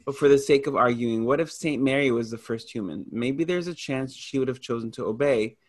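A man's voice: medium pitch, brisk. Man casually posing faith questions. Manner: questioning, informal. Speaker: host asking questions. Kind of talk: casual discussion.

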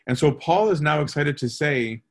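A male priest teaching on a scripture passage in a relaxed, conversational way, reading verses aloud and often checking in with "right?". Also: a little high, normal speed, gravelly. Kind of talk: scripture study talk.

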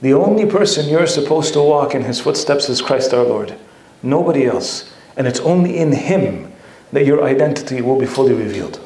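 Lively, self-mocking priest in an echoey room. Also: male voice, medium pitch, normal speed, few pauses. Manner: lively, self-mocking, laughs while telling. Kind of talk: humorous storytelling talk to an audience.

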